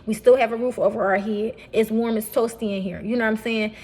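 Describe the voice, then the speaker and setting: A young adult woman talks straight to her viewers in a casual vlog. Her voice sits a bit high. She is animated, keeps repeating her points, and keeps calling her audience y'all. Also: fast talker. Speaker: vlogger. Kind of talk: casual talk to camera.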